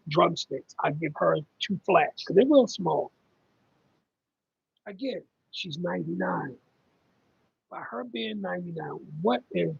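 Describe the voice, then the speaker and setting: A man's voice: high voice, vocal fry, a bit bright, breathy edge, dry recording, muffled recording. A middle-aged man hosting a casual livestream about caregiving, rambling and conversational with lots of ums as he reads viewer comments.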